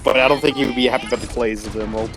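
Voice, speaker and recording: A man's voice: medium pitch, steady tone, rapid-fire, music in the background. A man commentating a live game tournament in a casual, giggly, rambling way, often stumbling over his words. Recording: live stream with game sounds behind.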